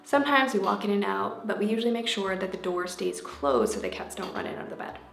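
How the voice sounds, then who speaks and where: A woman vlogger telling a personal story to camera in a casual, animated way, acting out what was said. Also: mid-range voice, fast talker, creaky. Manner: animated, acts out quotes in changing voices. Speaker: vlogger and life coach. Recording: echoey room with faint background music.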